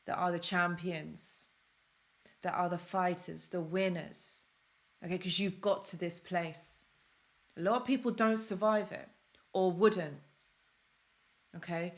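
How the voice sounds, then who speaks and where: A woman hosting a live-stream self-help talk, speaking earnestly and emotionally and repeating phrases for emphasis. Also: lowish voice.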